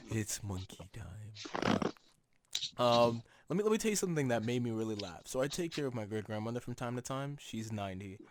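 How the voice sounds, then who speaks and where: A young man co-hosting a casual podcast, telling stories in a lively way, laughing and swearing often. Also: medium pitch, fairly quick. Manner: animated storytelling, swears often, laughs a lot. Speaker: podcast co-host.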